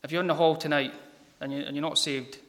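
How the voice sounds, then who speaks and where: A man giving an informal gospel sermon in a church hall, talking haltingly with many ums and repeated words. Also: on the high side, fairly even intonation, fairly bright tone. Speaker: lay preacher. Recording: reverberant hall.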